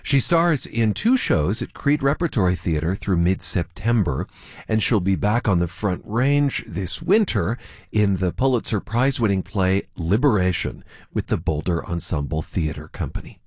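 A man's voice: sits low, animated, moderate pace, a little mellow, no room sound, clean studio sound. A man hosting a radio program, reading a polished scripted outro.

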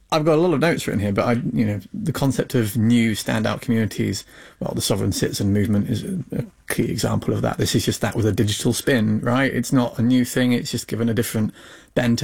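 A man with a gravelly, creaky voice gives his take as a guest commentator. He reasons things through analytically and sometimes stops to restart a sentence. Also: mid-range voice, a little mellow. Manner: thoughtful, analytical, halting restarts. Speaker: tech policy commentator guest. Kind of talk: panel discussion.

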